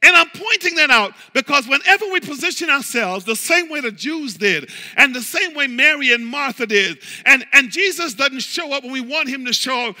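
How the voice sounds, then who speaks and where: A man preaching in a church with a very high, piercing voice that carries a long hall reverb. He calls out to the congregation again and again, and his delivery swings from shouted peaks down to low, hushed passages. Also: lively intonation, normal speed, hardly any pauses. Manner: impassioned preaching, calling on the congregation. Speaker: pastor. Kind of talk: sermon. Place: church sanctuary.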